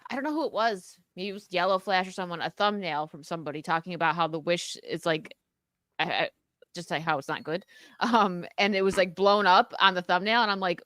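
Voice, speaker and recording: A woman's voice: lowish voice, a little fast, a bit bright, no room sound. A woman co-hosting a live stream in casual chat, rambling and restarting her sentences. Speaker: stream co-host.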